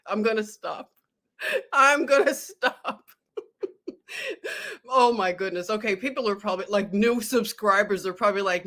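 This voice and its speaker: A woman's voice: mid-range voice, very animated, measured pace, long pauses, fairly bright tone. A woman hosting a casual live stream, chatting with her viewers and often breaking into giggles.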